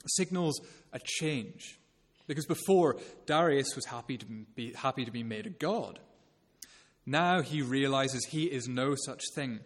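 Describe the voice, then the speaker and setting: Guy preaching a sermon, earnest and measured, long hall reverb on it. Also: medium pitch.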